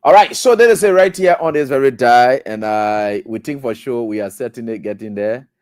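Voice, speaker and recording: A man's voice: fairly low pitch, normal speed, darkish tone, dry recording, studio quality. A man hosting a call-in radio show, easygoing and encouraging, chuckling often.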